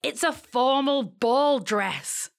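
A cheeky, bossy non-human helper, voiced by a woman in a fantasy audio drama. She sits fairly high and lively, speaking slowly and teasingly. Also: gravelly, heavily acted.

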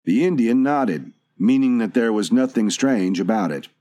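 A man narrating an audiobook in a steady, even manner. His voice sits in a plain middle register. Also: mid-range voice, moderate pace.

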